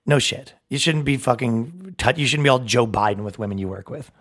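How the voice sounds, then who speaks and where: A man's voice: mid-range voice, fairly quick, a bit bright. A young man hosting a solo podcast, brash, profane and opinionated, acting out both sides of conversations and laughing at his own jokes. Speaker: podcast host.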